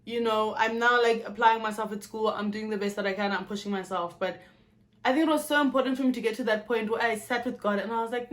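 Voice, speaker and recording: Frank South African woman, higher voice. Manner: frank and profane, with animated storytelling. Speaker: YouTuber. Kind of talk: candid personal vlog.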